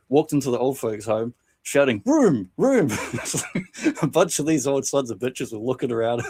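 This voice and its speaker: A man co-hosting a casual podcast, reading and retelling funny anecdotes from a book, laughing often and doing quick voices for quotes. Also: medium pitch, breathy edge. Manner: laughs often while telling stories, animated voices for quotes. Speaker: podcast co-host.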